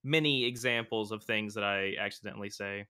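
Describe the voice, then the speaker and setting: A man's voice: on the low side, a little fast, bright, forceful tone, clean tone. A man from rural North Carolina chatting casually as a stream guest, rambling with many restarts. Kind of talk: casual chat.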